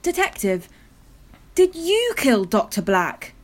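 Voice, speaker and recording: A woman's voice: sits high, very animated, slow, heavily acted. A woman voicing an earnest, prim young detective's assistant in a comedy audio drama. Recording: noisy recording.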